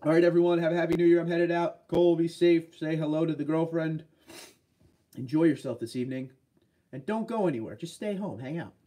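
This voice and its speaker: Man, Boston accent, head cold, slightly high voice, relaxed livestream chat, reads comments out loud. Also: fairly quick. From New England. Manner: laid-back, reads chat comments aloud and answers. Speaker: livestream host answering viewer questions.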